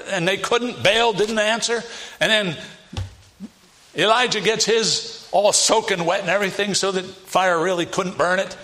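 Bright, emphatic male preacher. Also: high-pitched. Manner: emphatic, with rhetorical questions and chuckles. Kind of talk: sermon.

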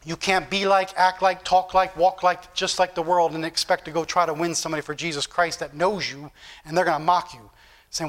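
A man's voice: a little high, flat delivery, brisk, a bit bright. A male pastor preaching a fervent sermon in church, repeating phrases and building intensity.

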